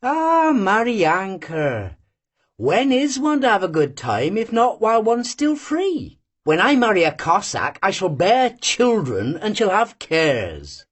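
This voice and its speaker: An audiobook reader voicing a lively, teasing young Cossack girl who gushes and presses her friend with eager questions. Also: medium pitch, slow, breathy edge, heavily acted. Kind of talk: audiobook character voice.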